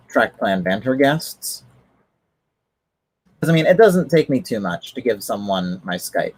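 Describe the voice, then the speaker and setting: A man's voice: lowish voice, dry recording, poor audio. A man chatting casually on a livestream, rambling with lots of fillers and restarts. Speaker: streamer.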